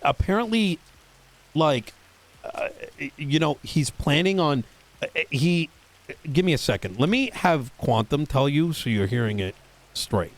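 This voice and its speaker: A man playing a police boss in a roleplay game, talking in a halting, casual way with fillers and swearing. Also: a little high, animated. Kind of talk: casual in-character roleplay chat.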